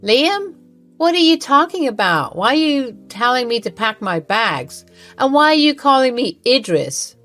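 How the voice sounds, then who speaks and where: A woman's voice: medium pitch, expressive, a little slow, a bit bright, pitched above the performer's own voice. A smug, spiteful older mother-in-law, as a woman narrator puts her on, gloating in a slightly raised voice. She speaks her lines as a storybook character, and faint music runs behind her. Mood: confused.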